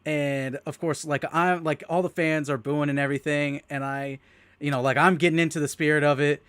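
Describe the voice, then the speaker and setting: A man's voice: on the high side, brisk, clear, resonant tone, no echo. Chatty man telling a sports story, dry close mic. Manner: animated storytelling, laughs often, trails off and restarts. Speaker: co-host of a sports watch-party stream. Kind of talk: casual sports chat.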